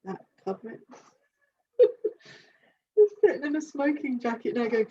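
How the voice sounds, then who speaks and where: A woman working as an animal communicator, giving a live reading and thinking aloud in halting, searching phrases. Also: on the high side, big pitch swings, mellow, husky. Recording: dull lo-fi sound with faint hiss.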